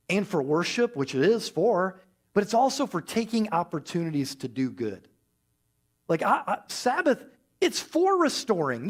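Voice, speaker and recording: A man preaching a sermon with a high, lively voice that swings up and down as he talks. He slips into quick character voices for the people in his story, then drops back into plain teaching. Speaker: pastor.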